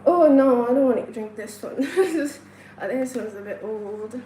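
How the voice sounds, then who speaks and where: A woman's voice: fairly high pitch, animated, moderate pace, dark tone, a little hiss or hum, rough recording. A woman from China hosting a casual livestream from a hotel room, counting aloud, answering chat questions and laughing often. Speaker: livestream host. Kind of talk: casual live-stream chat.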